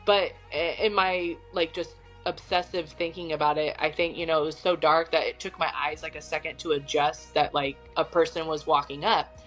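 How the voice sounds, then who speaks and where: A middle-aged woman with a Midwestern American accent, a podcast guest telling a story in an animated, chatty way. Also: low voice, normal speed, hardly any pauses, faint music behind. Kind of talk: casual storytelling.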